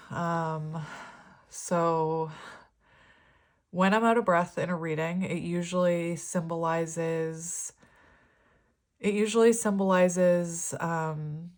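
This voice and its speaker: A woman giving a casual, rambling tarot reading, chatting warmly and laughing often. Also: on the low side, fairly even intonation, slow pace, pauses often. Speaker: tarot reader.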